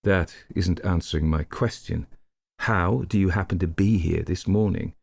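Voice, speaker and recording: A man's voice: deep voice, moderate pace, gravelly, darkish tone. A man voicing a curt, impatient police inspector who is irritated and grunting.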